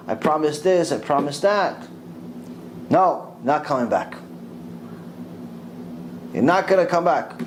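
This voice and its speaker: A middle-aged man, a rabbi, giving a Torah lecture and retelling a story with animated delivery, dropping Hebrew religious terms. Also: fairly high pitch, a little slow, pauses often, a little hiss or hum, poor audio.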